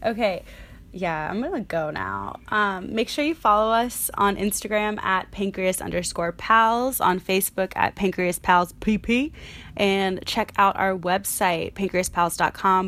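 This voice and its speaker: A young woman co-hosting a casual podcast, chatty and animated as she tells stories. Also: lowish voice. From New York area. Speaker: podcast co-host. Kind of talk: casual chat.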